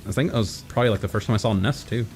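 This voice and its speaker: A man's voice: fairly low pitch, very fast, a little mellow, faint music behind. An American man streaming a coop game, casually chatting and teasing his friend. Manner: teasing, joking. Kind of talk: casual chat while gaming.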